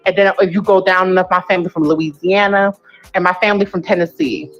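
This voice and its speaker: Woman from the northern US, animated, laughs a lot, repeats herself, casual chat, faint music underneath. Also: fairly low pitch, fast, dull audio.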